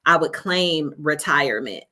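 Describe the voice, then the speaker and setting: A woman's voice: low voice, expressive, unhurried, pushed and bright. A woman life coach, a guest on a talk show, telling her story earnestly from her home office and often checking in with "right?". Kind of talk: conversational interview.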